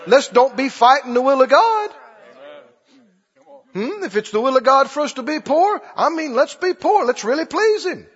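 High-pitched, animated preacher man. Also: normal speed. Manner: animated, emphatic, repeats lines for stress. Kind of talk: sermon. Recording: dull lo-fi recording with long hall reverb.

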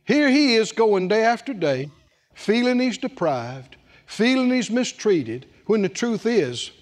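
High-voiced man preaching in an echoing hall. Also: sing-song, unhurried. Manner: dramatic, acts out scripture scenes, emphatic repetition. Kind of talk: sermon. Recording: long hall reverb.

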